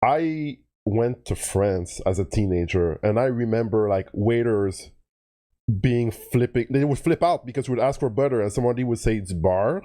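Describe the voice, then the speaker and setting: A man's voice: mid-range voice, moderate pace, dark tone. A man co-hosting a casual chat, wry and explanatory, with dry jokes. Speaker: co-host.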